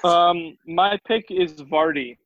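A man's voice: fairly high pitch, takes it slowly, fairly bright tone. A man co-hosting a casual sports podcast who argues for his picks insistently and explains them at length. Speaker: podcast co-host. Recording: dry, muffled lo-fi sound.

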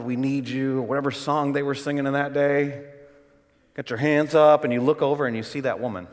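A middle-aged man preaches a sermon in a church, his medium-pitched voice carrying a long hall reverb. He tells the story dramatically, moving from loud, urgent bursts down to hushed, quiet lines. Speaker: pastor.

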